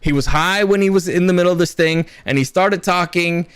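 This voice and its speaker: Brief: young male commentary host with a high voice, sarcastic and cursing, ranting fast. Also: clear, resonant tone. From Latino background. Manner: animated, profane, sarcastic.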